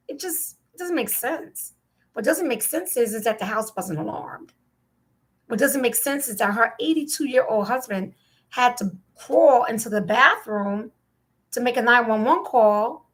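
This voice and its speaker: A woman from New Jersey talks through the news in a casual, rambling monologue. Her voice sits a little high, and she keeps stacking up incredulous questions. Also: fairly bright tone. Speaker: podcast host.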